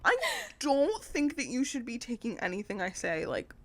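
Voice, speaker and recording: Young woman, podcast co-host, casual chat, rambling with fillers, swears, laughs a lot, fairly high pitch. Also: expressive, normal speed.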